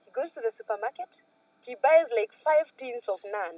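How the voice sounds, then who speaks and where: A Kenyan woman tells her story with a voice that rises and falls sharply, dropping to near-whispers and then bursting out loud. Her tone is slightly husky and a little high. She sounds muffled, as if recorded from some distance. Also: moderate pace, no room sound. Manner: animated, switches between soft near-whispers and loud outbursts. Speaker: guest. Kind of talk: emotional personal storytelling.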